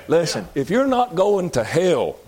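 A man with a Southern accent preaching a sermon in a folksy, emphatic way, shouting at times. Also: fairly high pitch, huge pitch swings, measured pace, husky, some chatter behind.

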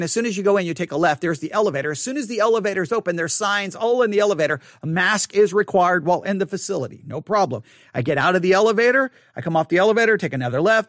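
Animated high-voiced man telling a story. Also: no echo, studio quality. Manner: animated, acts out quotes, rises to near shouting when exasperated. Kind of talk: casual storytelling monologue.

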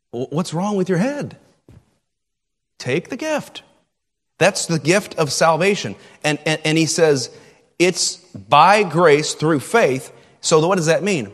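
Animated male preacher in a reverberant hall. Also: fairly high pitch. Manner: animated preaching, repeats key phrases for emphasis. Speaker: pastor. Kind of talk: sermon. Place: church sanctuary. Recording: long reverb of a church hall.

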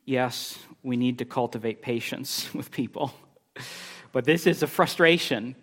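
A middle-aged man preaching a sermon, telling a story with animated, exasperated bursts. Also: a little slow, husky. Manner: animated storytelling, rising pitch when exasperated. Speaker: pastor.

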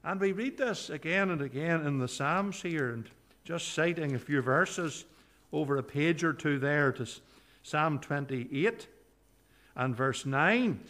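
A male pastor preaching a sermon in church, earnest, dropping low and soft on scripture quotes. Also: lively intonation, a little slow.

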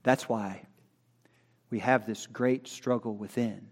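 A man preaching a sermon, rising to loud declarations and dropping to quiet, low asides in a folksy, conversational way while reading from his notes. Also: fairly even intonation, slow. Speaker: pastor.

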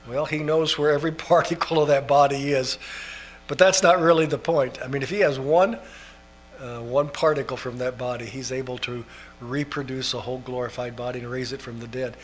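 A pastor preaching a sermon in an earnest way, building up to emphatic, almost shouted passages. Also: male voice, mid-range voice, fairly even intonation, moderate pace.

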